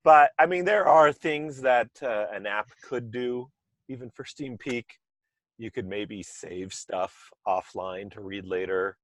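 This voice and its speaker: Relaxed podcast host, dry close sound. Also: male voice, medium pitch, takes it slowly, no room sound. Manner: loose and conversational, full of asides and restarts. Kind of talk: casual chat. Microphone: remote call microphone.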